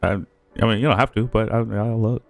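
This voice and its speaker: A man with a very deep, low-pitched voice follows a friend's story in relaxed chat. He hesitates and repeats short words as he catches up, with faint music behind. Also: fairly quick, gravelly. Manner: hesitant, repeats "okay" often, lots of short reactions. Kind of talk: casual chat.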